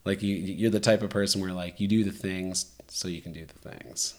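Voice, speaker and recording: A man with a fairly low voice chatting casually as a podcast host. He tells stories in an animated way, full of fillers and restarts. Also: normal speed. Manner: animated storytelling, many fillers. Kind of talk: casual chat.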